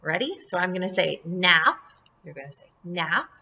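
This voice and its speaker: A woman teaching a second-grade class, drilling words and syllables slowly and clearly and encouraging the children. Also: fairly low pitch, expressive, bright, forceful tone. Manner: slow, deliberate word drills with clear enunciation. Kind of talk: phonemic awareness lesson for young children.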